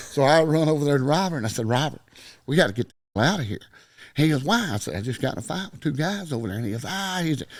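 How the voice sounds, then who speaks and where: A man's voice: medium pitch, dry recording. A middle-aged man with a Texan accent, a podcast guest telling a long story in casual chat and acting out every quoted line.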